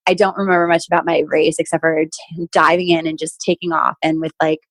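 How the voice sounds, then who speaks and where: A woman in her forties, a former athlete guest, telling stories in a casual interview, animated and laughing often as she acts out what people said. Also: low voice, fairly quick, no echo. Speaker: podcast guest, former Olympic swimmer.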